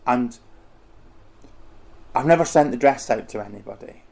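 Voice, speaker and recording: A man's voice: mid-range voice, expressive, moderate pace, vocal fry, darkish tone. Chatty middle-aged man. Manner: chatty, rambling, with many restarts and fillers. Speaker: interview guest, costume house owner. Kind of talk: casual conversational interview.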